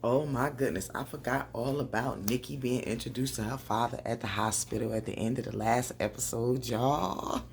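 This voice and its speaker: A woman doing a casual, animated recap of a TV episode, talking straight to her viewers and laughing often. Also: a bass voice, normal speed, few pauses, slight background noise. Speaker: TV recap vlogger. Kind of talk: casual chatty show recap.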